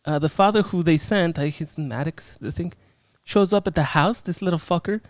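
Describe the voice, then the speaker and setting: Profane, animated man reviewing a film. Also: a little high, moderate pace, no echo, clean studio sound. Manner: profane, animated, acts out scenes. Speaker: podcast host, horror film reviewer. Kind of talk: casual, uncensored film review.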